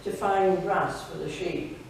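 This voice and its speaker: A woman's voice: lowish voice, steady tone, slow pace, creaky, darkish tone, a little hiss or hum. A woman reading the lines of an earnest male minister patiently explaining things to schoolchildren. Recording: very echoey hall, distant mic.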